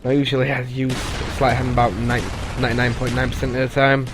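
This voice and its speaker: A man giving casual, rambling voice-over commentary on his own gameplay, pausing often with "uh" and restarting sentences. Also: medium pitch, little pitch movement, over music. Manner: rambling, halting, with frequent "uh" and restarts. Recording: voice-over with loud game gunfire underneath.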